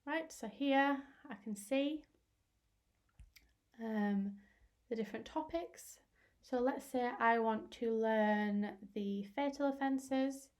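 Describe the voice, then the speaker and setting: A young woman teacher talking through a screen-recorded tutorial in a chatty, explanatory way with fillers, her voice going hoarse. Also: a little high, slow, a little mellow. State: losing her voice.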